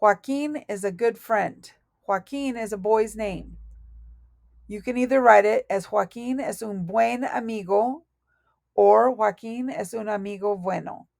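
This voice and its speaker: A woman teaching a Spanish lesson from her notes, speaking slowly and deliberately and correcting herself aloud as she goes. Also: medium pitch, creaky, darkish tone, dry recording. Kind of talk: recorded lesson reading through notes.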